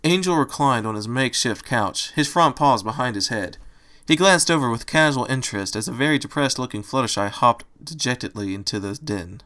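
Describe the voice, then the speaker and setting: A man reading a fan fiction story aloud in a steady storytelling manner. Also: medium pitch, a little fast. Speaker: storybook reader.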